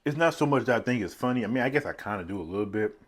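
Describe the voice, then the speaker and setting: A mukbang vlogger sits indoors eating a meal on camera, talking casually in a medium-pitched, animated, rapid-fire voice. He rambles from thought to thought and often chuckles at his own remarks, recorded on a phone mounted on a tripod.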